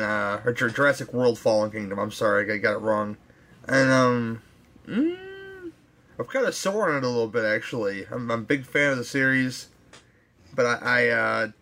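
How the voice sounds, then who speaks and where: Man, casual movie chat, rambling, hesitant, mid-pitched voice. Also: pushed and bright. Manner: rambling, hesitant, with fillers and crude asides. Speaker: podcast co-host.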